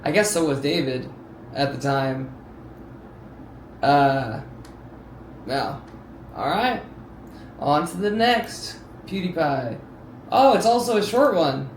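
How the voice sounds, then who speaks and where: A man chats casually on a live stream, his voice sitting fairly high. He tells stories with bursts of loud exclamation. The room sounds roomy. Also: slow, pauses often. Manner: animated storyteller with sudden loud exclamations. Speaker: streamer reacting to videos. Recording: roomy sound with faint background noise.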